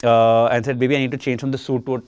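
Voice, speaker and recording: A young man co-hosting a podcast, telling stories in an animated, casual way and swearing freely. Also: medium pitch, rapid-fire, clear, resonant tone, no echo. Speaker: podcast co-host. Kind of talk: casual chat.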